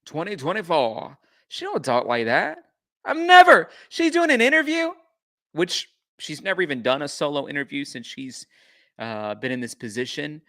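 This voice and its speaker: A man's voice: fairly high pitch, very animated, normal speed, bright, forceful tone. A man hosting a live-stream reaction commentary, incredulous and mocking.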